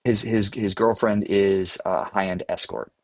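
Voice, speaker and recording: A man's voice: fairly low pitch, measured pace, no echo. A man from the American Midwest, an actor guest, animatedly telling an on-set story in casual podcast chat. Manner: animated storyteller who laughs at his own tale.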